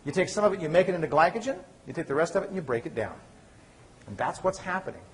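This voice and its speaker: A man giving a university lecture, lively and asking the class questions he then answers himself. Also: fairly high pitch, fast, a little hiss or hum. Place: lecture hall.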